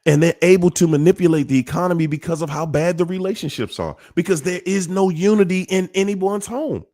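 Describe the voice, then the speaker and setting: A man's voice: sits high, brisk, warm tone. A man hosting a livestream, talking to viewers in a repetitive, emphatic, preachy way. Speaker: livestream host. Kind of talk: casual livestream talk.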